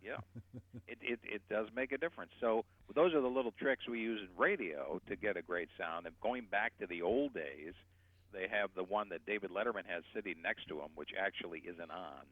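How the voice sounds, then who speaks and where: A man explaining voice technique as a guest voice coach, animated and shifting his loudness to demonstrate. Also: fairly low pitch, brisk, no room sound. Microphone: telephone. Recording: tinny phone line.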